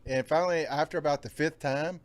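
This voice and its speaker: A man's voice: a little high, fairly even intonation, brisk, slight background noise. A man co-hosting a podcast, telling workplace stories in a laid-back way and laughing easily. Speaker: podcast co-host. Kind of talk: casual chat, storytelling.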